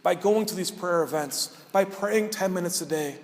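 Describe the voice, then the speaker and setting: A male priest with a fairly high voice gives an earnest sermon, mixing exhortation with a personal story. His voice carries a long reverb from a large church space. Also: normal speed.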